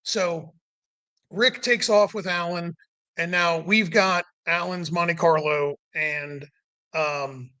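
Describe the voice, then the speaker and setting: A man's voice: fairly high pitch, steady tone, slow pace, bright, forceful tone, no echo. A man casually telling a long road trip story, full of "like" and "you know", acting out what people said. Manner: rambling, many "like" and "you know" fillers; acts out quoted people with rising voice.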